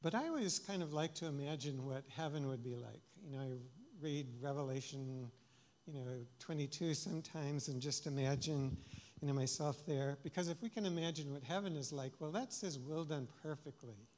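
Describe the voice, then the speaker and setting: A man with a fairly high voice gives a reflective sermon in a church. He speaks haltingly, with many pauses and fillers. His words ring out with a long hall reverb. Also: a little mellow. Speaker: preacher. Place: church sanctuary.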